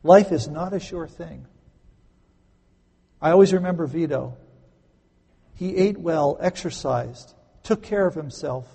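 Male preacher, slightly high, mellow raspy voice, conversational sermon with sharp loud stresses. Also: a little slow, pauses often. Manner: emphatic, swings between loud stresses and quiet asides; conversational, explains grammar with homely examples. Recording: echoey hall.

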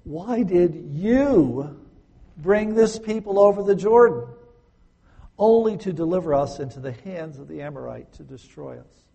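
A man's voice: fairly high pitch, expressive, a little slow, vocal fry, warm tone, husky, heavily acted. A man voicing a panicked male leader crying out to God in despair, stammering as he speaks. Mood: accusing. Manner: frantic, stammering.

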